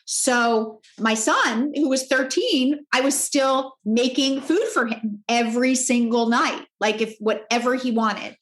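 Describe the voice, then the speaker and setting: A fairly high-voiced woman tells a personal story, animated and quick to act out quoted speech with big jumps in pitch. Her voice echoes in a room recording. She talks in a loose, conversational way. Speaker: podcast guest.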